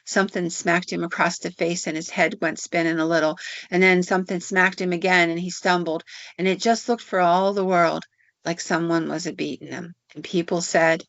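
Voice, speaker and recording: A woman's voice: fairly low pitch, fairly even intonation, moderate pace, vocal fry, fairly bright tone, no echo. A woman podcast host telling folklore stories in a folksy, conversational way. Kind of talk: folklore storytelling. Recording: dull lo-fi audio.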